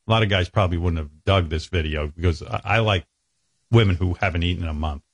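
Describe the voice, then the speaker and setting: A man's voice: deep voice, fast talker, creaky, slightly rough. A man telling a crude, graphic comic story on a talk show, rambling and chuckling as he goes.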